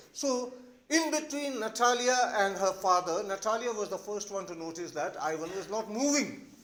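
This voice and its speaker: Indian english male teacher, explains a play to students, fairly high voice. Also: a bit bright. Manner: explanatory, with frequent "all right?" checks.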